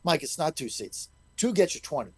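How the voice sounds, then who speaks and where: A man's voice: fairly high pitch, very animated, fairly quick, husky, no room sound. A middle-aged man, a state legislator guest on a talk radio show, speaking in an emphatic, combative way. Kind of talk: call-in talk radio interview.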